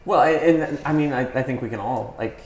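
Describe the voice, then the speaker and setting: A man's voice: medium pitch, a little fast. A man hosting a casual podcast interview, asking loose, rambling questions. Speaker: podcast host. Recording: echoey room.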